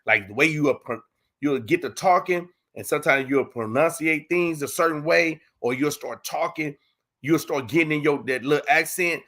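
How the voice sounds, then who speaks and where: A man's voice: a little high, moderate pace, a bit bright. A man with a Texas accent hosting a casual livestream Q and A, talking loose street slang with lots of "you know what I'm saying". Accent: Texan. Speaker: livestream host.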